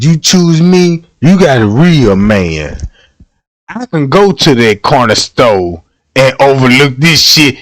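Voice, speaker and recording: A livestream host with a medium-pitched voice and lively intonation tells comic stories a little slowly, using casual slang. He laughs often and acts out the people he quotes. There's no room sound.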